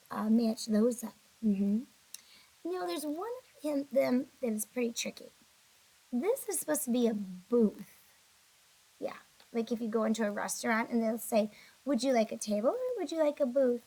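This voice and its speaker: A woman's voice: on the high side, expressive, normal speed, pauses often, dark tone, slightly rough, poor audio. A woman teacher recording a video lesson for young children, patient and encouraging, a little sleepy and yawning. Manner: patient, encouraging, talks to kids directly.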